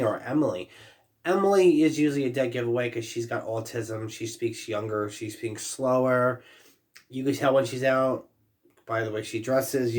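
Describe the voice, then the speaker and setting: Man, vlogger, casual talk to camera, rambling, lots of fillers, middle pitch. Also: a little mellow. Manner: rambling, full of fillers and asides.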